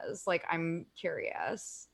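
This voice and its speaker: A woman's voice: on the low side, animated, takes it slowly, creaky. A young woman co-hosting a podcast, chatting casually and sarcastically about celebrities with lots of "like" fillers. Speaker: podcast co-host. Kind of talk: casual pop-culture chat.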